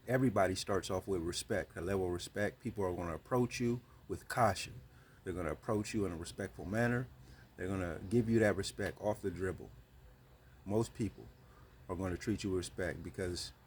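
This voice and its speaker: A man's voice: low voice, slight background noise. A man hosting his channel, giving earnest, slangy advice in a casual monologue. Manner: earnest, slangy, repeats points.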